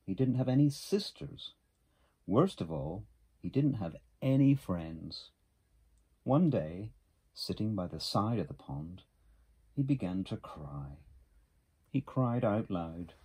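A middle-aged man reading a children's picture book aloud in a gentle, expressive way. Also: on the low side, slow, pauses often, slightly rough. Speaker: storybook reader.

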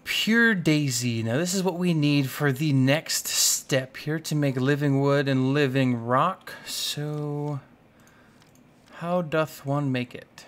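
A young gaming YouTuber gives casual, playful Let's Play commentary on his own gameplay, scolding the game's animals and muttering to himself. His voice is fairly high and fairly bright, and he speaks slowly with hardly any pauses.

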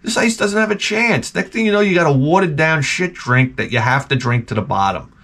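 A man's voice: a little high, expressive, fairly quick, a bit bright. A man hosting his channel, rambling casually and comically, with frequent profanity. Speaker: channel host.

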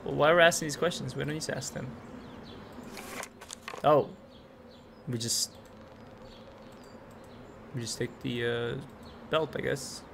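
A man giving low-key gameplay commentary, musing aloud and reading game lines. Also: a little slow, creaky, long pauses, background noise. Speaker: gamer.

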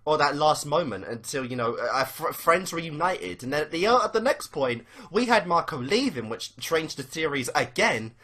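Lively, bright-voiced young adult fan rambling. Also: mid-range voice, normal speed, few pauses. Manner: rambling, full of "you know" fillers and swearing. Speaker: fan reacting to a cartoon episode. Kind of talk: casual fan commentary.

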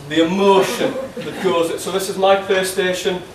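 A man giving a wedding speech, teasing and halting with many ums and restarts. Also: sits high, level tone. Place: wedding reception hall. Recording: echoey hall, distant mic, laughing crowd. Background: guests laughing.

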